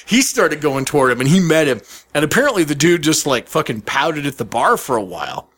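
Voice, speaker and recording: Animated, profane man telling a story. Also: on the high side, fairly quick. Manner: animated, profane, acts out quotes with laughs. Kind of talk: casual storytelling chat.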